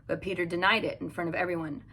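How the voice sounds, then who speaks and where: A woman's voice: fairly low pitch, steady tone, fast talker, sharp tone, slight background noise. A woman hosting a devotional podcast, chatting casually and reading scripture aloud while recording in a home closet. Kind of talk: casual devotional Bible teaching.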